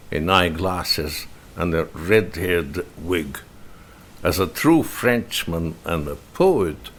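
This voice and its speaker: A man whose first language is Russian, reading a novel in verse aloud in a slow, measured way with pauses between phrases. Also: sits low. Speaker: reader and translator.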